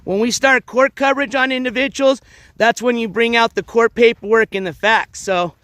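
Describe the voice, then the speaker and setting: High-voiced man streaming an outdoor walk. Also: fairly even intonation, moderate pace, fairly bright tone, dry recording. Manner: chatty, coaxing his dogs in a raised voice. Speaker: livestream host. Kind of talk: casual outdoor livestream walk and talk. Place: outdoors in a dry riverbed. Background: dogs moving about outdoors.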